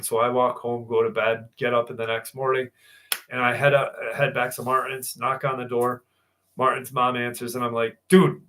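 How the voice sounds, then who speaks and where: An American man tells a personal story in a loose, casual way. He swears freely, circles back with fillers and restarts, and sits at an ordinary middle pitch. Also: a bit bright. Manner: profane, rambling, many fillers and restarts. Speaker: guest telling a personal encounter story.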